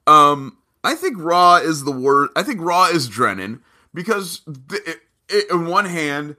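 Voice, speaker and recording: A man's voice: on the high side, animated, a little slow, sharp tone. A man co-hosting a casual podcast, opinionated and jokey as he lays out his arguments. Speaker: podcast co-host. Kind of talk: casual wrestling chat.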